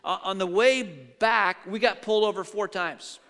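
A middle-aged male pastor delivers a sermon in a church sanctuary, telling stories animatedly and acting out the quotes. His high voice is bright and forceful at a normal speed, with long hall reverb around it.

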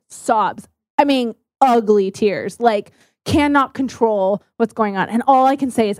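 A young woman with a fairly high voice tells personal stories in a candid, animated way, full of fillers and restarts. The sound is close and dry, with no room echo. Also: moderate pace. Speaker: speaker telling personal stories to an audience. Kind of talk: personal storytelling talk.

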